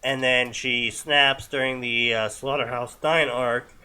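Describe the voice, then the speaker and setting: An exasperated young man giving casual commentary on a fanfiction reading, with a bright, forward tone and an incredulous edge. He talks in quick, rambling rants. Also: medium pitch, steady tone, smooth. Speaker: co-host reading fanfiction aloud.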